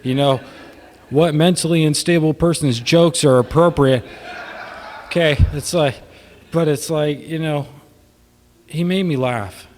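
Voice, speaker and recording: A man's voice: on the high side, measured pace, pauses often, a little mellow, a little hiss or hum. Man giving a eulogy in a reverberant church. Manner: rambling, tearful laughs, many fillers. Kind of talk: informal memorial speech. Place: church hall.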